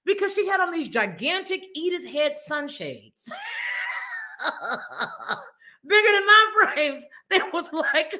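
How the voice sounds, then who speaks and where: A woman's voice: extremely high pitch, sing-song, takes it slowly, long pauses, sharp tone, raised voice. A woman hosting a casual live stream, playful and laughing often as she exclaims. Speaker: host.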